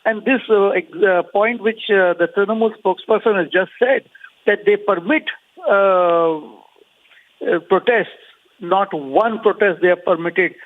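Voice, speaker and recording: A man's voice: sits high, a little slow. A man arguing as an opposition party leader in a TV debate, firing rhetorical questions with frequent filler sounds. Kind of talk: remote debate panelist. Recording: phone-like remote line.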